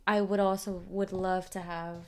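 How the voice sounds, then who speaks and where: A woman's voice: medium pitch, level tone, moderate pace, darkish tone, clean tone. A young adult woman, a guest on a casual interview, talking candidly and confessionally about her own life. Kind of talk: casual conversation.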